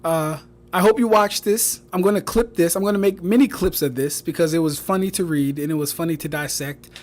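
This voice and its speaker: A young man with a high voice talks briskly, giving loose, profane livestream commentary as a streamer reviewing fan debates. He picks apart what he reads in mocking disbelief, repeats himself for effect, and keeps breaking into laughter.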